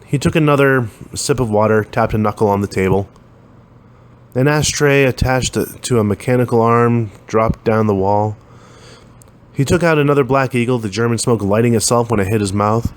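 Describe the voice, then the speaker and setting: A man's voice: medium pitch, normal speed. A man reading a science fiction story aloud, lifting his voice a little for the dialogue. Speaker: narrator.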